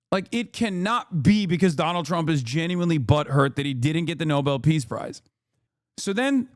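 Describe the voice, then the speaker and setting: A male streamer rants casually and with disbelief while reacting to news. His voice sits high and smooth, recorded dry and close with no room around it. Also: no echo. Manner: animated, incredulous, casual ranting. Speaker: streamer host.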